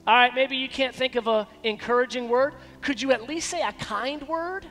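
A man preaching a sermon as pastor, emphatic, with dramatic pauses. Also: very high-pitched, fairly bright tone, in a large hall, faint music behind. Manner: acts out quoted dialogue in shifting voices. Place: church sanctuary.

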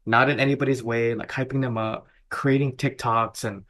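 A man's voice: medium pitch, moderate pace. A young adult man, a wedding filmmaker chatting as podcast co-host, telling stories animatedly and filling with "like". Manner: animated storytelling, filler-heavy. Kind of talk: casual podcast chat.

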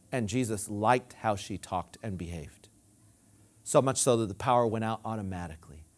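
A male pastor preaching a sermon, leading the congregation in call-and-response and swinging from loud emphatic declarations to quiet low asides. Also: moderate pace.

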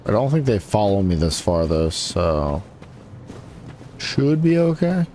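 Man, gaming commentary, trash-talking, lively swings in pitch, game noise behind. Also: a little slow. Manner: trash-talks enemies, voice jumping high when frustrated. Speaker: gaming YouTuber. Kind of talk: let's play commentary.

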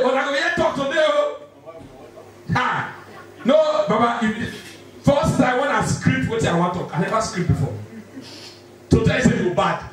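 Nigerian comedian, high voice in an echoey hall. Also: male voice. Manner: rapid Pidgin-laced banter, laughing often. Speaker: stand-up comedian. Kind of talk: live stand-up comedy. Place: large indoor venue with live audience. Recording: echoey hall from far off, loud crowd.

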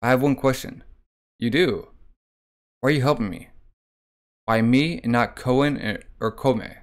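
A man doing a vengeful young prince, earnest, troubled, mid-pitched. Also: a little slow, natural voice. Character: driven young prince bent on revenge.

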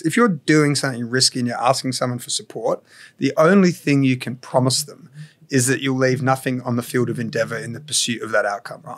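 Measured man telling his story. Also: medium pitch, fairly bright tone. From Australia. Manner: measured, explains at length with frequent "you know" and "like". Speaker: entrepreneur guest. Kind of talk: reflective podcast interview.

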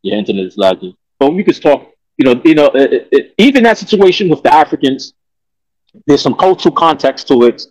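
A man's voice: on the high side, very animated, brisk, a little mellow, no echo, poor audio. A man, talking in a rambling, streetwise way on a casual panel discussion. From New York.

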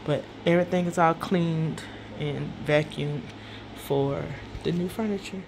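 A woman's voice: low-pitched, measured pace. A chatty woman speaks to her camera in a home vlog, calling her viewers y'all and going back over the same points. Her nose is stuffy. A faint hum sits behind her in the room. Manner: chatty, addresses viewers as y'all, repeats herself. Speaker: vlogger.

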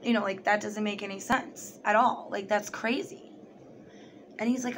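A young woman vlogger telling a personal story in a casual, animated way, swearing and acting out the other people's voices. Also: medium pitch, moderate pace, a little hiss or hum.

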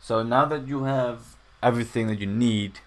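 A man's voice: mid-range voice, moderate pace, a little hiss or hum. A young man casually talking through a game tutorial at home, rambling and swearing often. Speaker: gaming channel host. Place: home room.

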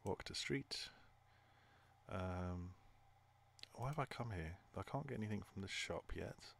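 A man's voice: sits low, lively intonation, moderate pace, creaky, slight background noise. A man thinking aloud while playing a game, hesitant and muttering to himself. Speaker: gamer. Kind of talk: playthrough commentary.

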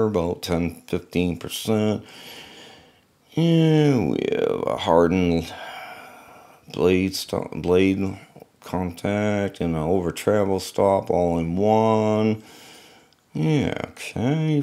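A man's voice: low-pitched, creaky, a little mellow. A man casually unboxing and reviewing a knife, musing to himself as he handles it.

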